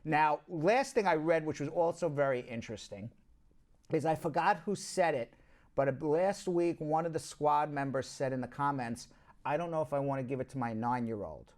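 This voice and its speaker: A man's voice: fairly high pitch, moderate pace, a little mellow. A man with a Long Island accent hosting a casual news rundown, chatty and prone to asides to his co-hosts. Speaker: host, immigration news show.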